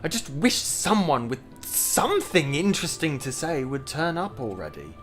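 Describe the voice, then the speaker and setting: A man's voice: on the high side, very animated, normal speed, faint music behind, pitched above the performer's own voice. A man voicing a grumpy villager fed up with war talk, in a put-on accent, reading game dialogue aloud. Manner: put-on accent, grumbling and exasperated.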